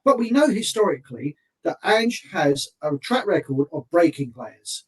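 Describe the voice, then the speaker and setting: High, husky man, scornful and frustrated. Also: very animated, moderate pace, recorded from a distance, low-quality recording. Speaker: podcast co-host. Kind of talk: casual football podcast chat.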